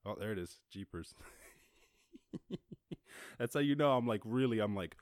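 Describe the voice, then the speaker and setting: A man with an Irish accent hosting a casual solo podcast, reacting to news in a jokey, excitable way and swearing freely. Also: fairly low pitch, normal speed, no room sound, studio quality. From Ireland. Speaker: podcast host.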